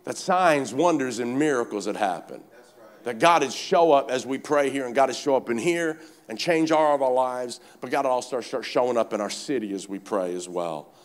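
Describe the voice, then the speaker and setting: A male pastor preaching a sermon at a church service, fervent and urging, swinging between shouted exhortation and quiet speech. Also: medium pitch, expressive, moderate pace. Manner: fervent, repeatedly urges the congregation with "come on".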